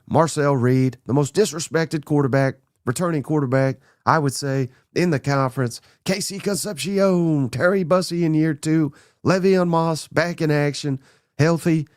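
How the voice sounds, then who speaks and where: A man hosting a sports podcast, talking bluntly and excitedly through a list of names, a little under the weather. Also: mid-range voice, no echo, studio quality. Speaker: podcast host. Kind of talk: casual sports talk monologue.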